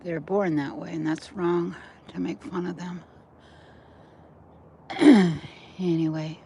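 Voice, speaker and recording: Older woman, slow unhurried talk, meandering chat to viewers, outdoor river walk, faint noise behind. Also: on the low side, fairly even intonation, dark tone. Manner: chatty, meandering, talks straight to viewers. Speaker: vlogger. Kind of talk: rambling walk-and-talk vlog. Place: outdoors by a river in cold weather.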